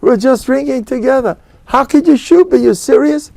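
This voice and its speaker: An older rabbi putting on the voice of a frantic, betrayed man pleading with his friend, in a shrill, high-pitched voice. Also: moderate pace, gravelly, a little mellow, dry recording, full character voice. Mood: pleading disbelief.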